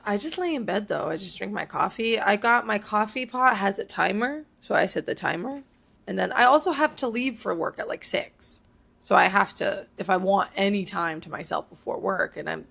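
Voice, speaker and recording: A woman in her late twenties talks in a casual podcast chat. Her voice has a noticeable creaky, gravelly edge at a medium pitch. She rambles through her stories and leans heavily on fillers. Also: a bit bright. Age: late 20s. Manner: rambling, filler-heavy storytelling. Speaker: podcast co-host.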